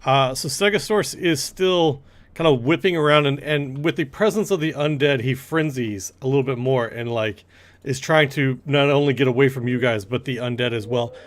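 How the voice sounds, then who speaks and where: A man at a mid-range pitch leads a tabletop game. He describes the scene as he improvises it and calls for dice rolls between descriptions. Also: moderate pace. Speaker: game master.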